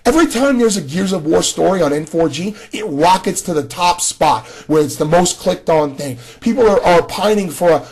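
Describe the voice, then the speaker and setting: A man's voice: high-pitched, animated, normal speed, hardly any pauses, a little mellow, husky. A man giving a casual spoken video response, talking straight to another creator with frequent restarts. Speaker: gaming commentator.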